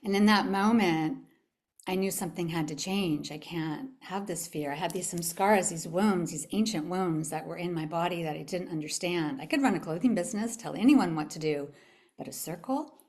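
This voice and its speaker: A woman's voice: lowish voice, moderate pace, darkish tone. A woman giving a motivational talk at a live event, telling her own story with animation and asking the audience questions. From California. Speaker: summit speaker.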